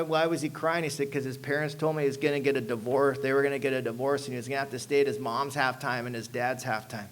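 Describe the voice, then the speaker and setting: Man, fairly high voice, speaker at a recovery meeting, lively storyteller who plays out every exchange. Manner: animated storyteller who acts out dialogue and keeps asking "you know what I mean". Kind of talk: personal recovery story told to an audience.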